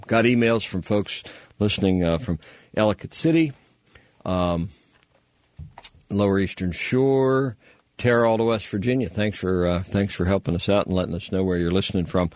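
A man's voice: low-pitched, no room sound. A man hosting a call-in radio show, chatting casually and rambling with lots of fillers. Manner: easygoing, rambling with many fillers.

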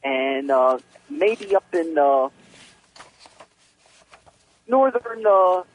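A man's voice: on the high side, expressive, drawn-out words. A man calling in to a radio show, friendly and hesitant with lots of fillers. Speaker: caller. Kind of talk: phone call to a radio show. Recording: tinny phone line.

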